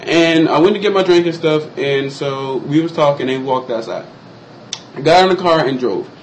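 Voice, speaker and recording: A young man telling a personal story in casual vlog style, animated and acting out other people's lines in exaggerated high voices. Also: normal speed, a little hiss or hum, low-quality recording. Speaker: vlogger.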